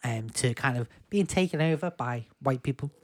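A man's voice: mid-range voice, animated, moderate pace, no echo. A man from England co-hosting a casual music podcast, rambling through his points with lots of ums and restarts. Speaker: podcast co-host.

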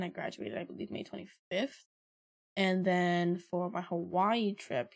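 A woman's voice: mid-range voice, a little mellow. A woman in her early twenties, a podcast host telling stories in a blunt, casual way with heavy swearing. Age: early 20s. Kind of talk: casual storytelling.

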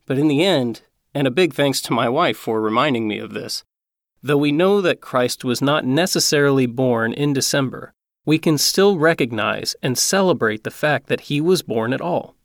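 A man reading a Christmas story aloud in a measured, earnest way. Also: mid-range voice, expressive, creaky, no room sound, studio quality.

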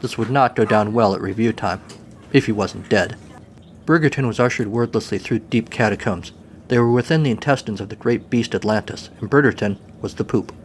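A man's voice: fairly low pitch, brisk, slight background noise. A man narrating a comic story in a dry, wry way.

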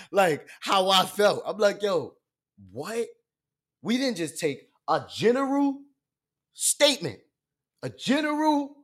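Man, young adult, livestream host, animated rant, streetwise slang, loud bursts and quiet asides, slightly high voice. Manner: emphatic, swings between loud bursts and low asides. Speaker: live stream host. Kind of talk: animated rant on a live stream.

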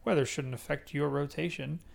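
A man voicing a male air traffic controller who speaks clearly, read from a book. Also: a little high, steady tone. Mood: instructing. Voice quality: clear, measured.

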